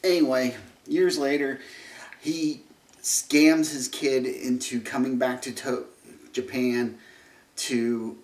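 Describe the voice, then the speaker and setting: A man's voice: mid-range voice, steady tone, slow, a little mellow. A man ranting through a film review, rambling, restarting sentences and turning sarcastic. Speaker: movie reviewer. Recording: roomy echo, distant mic.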